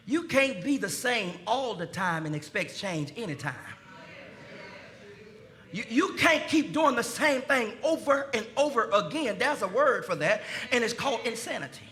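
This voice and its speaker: A pastor, preaching a sermon in a folksy style, speaking to his congregation and building to shouts. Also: high-pitched, sing-song, unhurried. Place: church sanctuary.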